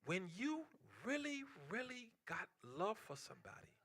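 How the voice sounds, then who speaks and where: A man preaching with passion in a church. His voice is very bright and rings out, with a lively, wide-ranging pitch. He moves from loud outcries to hushed near-whispers. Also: unhurried, few pauses. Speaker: pastor. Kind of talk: sermon.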